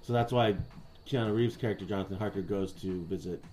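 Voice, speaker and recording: A man's voice: sits low, fairly quick, mellow, slight background noise. A man co-hosting a casual movie review chat, recapping the plot bluntly and with plenty of swearing. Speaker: podcast co-host.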